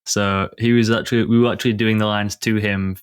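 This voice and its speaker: A man's voice: lowish voice, level tone, brisk, smooth, no echo, clean studio sound. A man with a Yorkshire accent, a game developer guest chatting loosely on a podcast with lots of fillers. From Yorkshire, England. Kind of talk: casual podcast chat.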